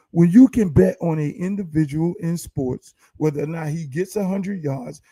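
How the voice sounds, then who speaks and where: A man with a high, gravelly voice hosts his podcast and rants hard, full of swearing and one rhetorical question after another. His tone is dark and mellow, and the recording sounds dry and close. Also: no echo. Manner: profane, heated, rhetorical. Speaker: podcast host. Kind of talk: casual ranting commentary.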